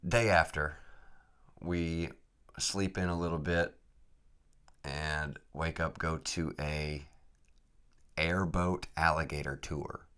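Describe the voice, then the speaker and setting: A man with an extremely deep voice hosts a podcast. He tells a travel story in a loose, rambling chat, dropping "dude" and "freaking" all the time. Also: fairly even intonation, takes it slowly, pauses often, a bit bright, smooth. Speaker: podcast host.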